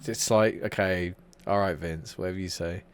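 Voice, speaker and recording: A man's voice: deep voice, fairly even intonation, moderate pace, smooth. A man co-hosting an unscripted wrestling podcast, chatting casually, swearing freely, laughing often and restarting his sentences. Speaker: podcast co-host.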